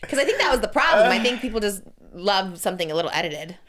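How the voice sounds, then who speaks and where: An American woman in her thirties hosting a podcast, chatting casually in a gushing, excitable, self-mocking way. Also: medium pitch, fast talker, noisy background. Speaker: podcast host. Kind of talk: casual chat.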